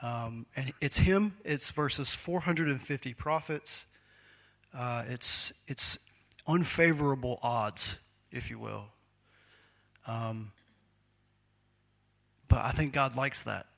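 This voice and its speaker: A man's voice: medium pitch, takes it slowly, creaky, pauses often, a bit bright. A man preaching a sermon in a conversational, self-deprecating way, laughing often.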